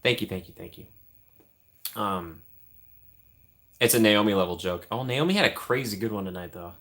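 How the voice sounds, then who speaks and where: A man's voice: lowish voice, expressive, moderate pace, a bit bright. A man hosting a casual live stream, joking around and thanking his chat. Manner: jokey, thanks chat often, trails off into asides.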